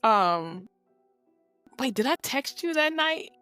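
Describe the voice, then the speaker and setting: A woman's voice: fairly high pitch, very animated, slow pace, fairly bright tone, smooth, no room sound, faint music behind. A middle-aged woman co-hosting a podcast, telling a long story in casual, profane chat. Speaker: podcast co-host.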